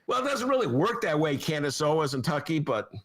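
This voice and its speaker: Animated, sarcastic man hosting. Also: fairly quick. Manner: animated and sarcastic, jumps to high mock voices. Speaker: podcast host, newspaper columnist. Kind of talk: casual comic monologue.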